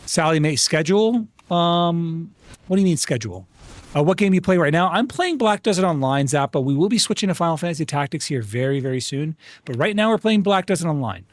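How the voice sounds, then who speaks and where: A man's voice: on the high side, lively intonation, fairly quick. A man chatting casually on a live gaming stream, upbeat and talkative, stumbling over and repeating words and calling people bro and dude. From United States.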